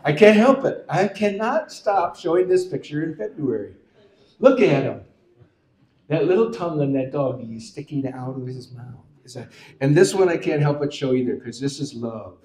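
A man's voice: a little high, expressive, moderate pace, a little mellow. A man leading a congregation in a casual church talk, joking and coaxing the crowd to answer. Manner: playful, joking, coaxes the audience to respond. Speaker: worship leader and speaker. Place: church sanctuary. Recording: roomy church with music behind.

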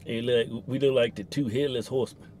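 A laid-back man drawls through easy, joking banter from the seat of a car, tossing "man" into nearly every line. Faint road hum runs under his ordinary mid-pitched voice. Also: fairly even intonation, fairly quick, a little mellow. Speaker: co-host. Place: inside a car at a drive-thru. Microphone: camera mounted in the car.

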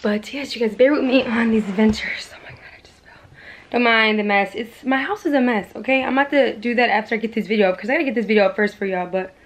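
A woman's voice: a little high, quick pace, few pauses, slight background noise. A woman vlogging casually at home, chatty and rambling, full of fillers as she talks to her viewers. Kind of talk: casual vlog chat to viewers.

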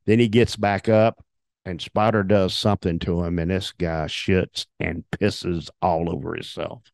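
An older man tells rough, profanity-laced stories, slipping into the voices of the people he quotes. His voice sits on the low side and the recording is dry and close, with no room sound. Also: unhurried, dry recording. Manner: profane, animated storyteller acting out quotes. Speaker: interview guest, retired wrestler. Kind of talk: storytelling in a shoot interview.

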